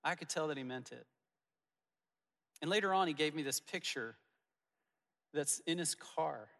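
A male pastor shares personal stories in a sermon, earnest and gentle. His voice is bright and slightly higher than most men's. Long reverb from a big church auditorium hangs on every word, with soft music underneath. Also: measured pace, gravelly. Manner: personal storytelling, earnest and warm-hearted with soft asides.

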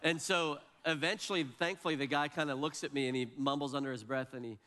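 A man's voice: a little high, fairly even intonation, fast, sharp tone. A man in his forties, a pastor preaching a sermon and telling a personal story with self-deprecating humor.

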